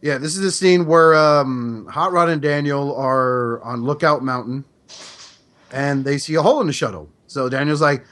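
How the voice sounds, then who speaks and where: Male podcast co-host; excitable and bright, joking, profane. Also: fairly high pitch, normal speed. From Kansas. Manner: animated, laughing, profane. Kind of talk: casual podcast chat.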